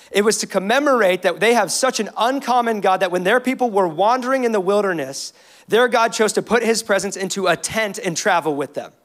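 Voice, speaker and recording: A pastor delivers a sermon in a church, his voice sitting noticeably high for a man. He moves between reading scripture aloud and speaking with rising intensity. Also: a bit bright. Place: church sanctuary.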